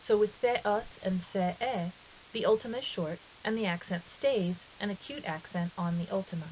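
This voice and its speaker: A woman talks through a grammar lesson patiently and step by step, sometimes stopping to correct herself. Her voice sits at an everyday pitch. The recording is dull and lo-fi, with a faint hiss underneath. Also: moderate pace. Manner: patient, methodical, with fillers and self-corrections. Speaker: Greek teacher. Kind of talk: recorded lecture explanation.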